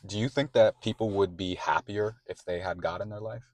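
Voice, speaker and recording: A man with a very deep voice interviews a guest in a relaxed, casual way. He keeps his questions short and fills the gaps with soft murmurs. The recording is dry and close. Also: fairly quick, dry recording. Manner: brief questions and quiet murmured backchannels.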